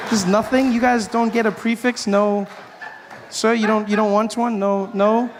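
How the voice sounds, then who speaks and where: Animated man doing stand-up on stage. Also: high voice, normal speed, crowd noise. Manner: animated, acts out characters with shifting voices. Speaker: stand-up comedian. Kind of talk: stand-up routine. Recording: live stage with audience noise.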